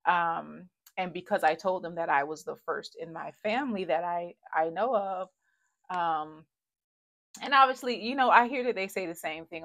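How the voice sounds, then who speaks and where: A woman in her thirties recounts her own experience in a loose, conversational vlog. Her voice sits a little low, and she often fights back tears and laughs them off. The delivery stays candid and personal. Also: moderate pace, a bit bright. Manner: conversational and emotional, talks herself through tears with laughs. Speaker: vlogger sharing a personal story.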